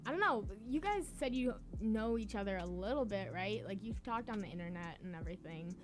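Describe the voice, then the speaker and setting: A woman's voice: mid-range voice, animated, fairly quick, music in the background. Playful young woman radio host. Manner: playful, teasing, laughs often. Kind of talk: casual chat. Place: college radio studio.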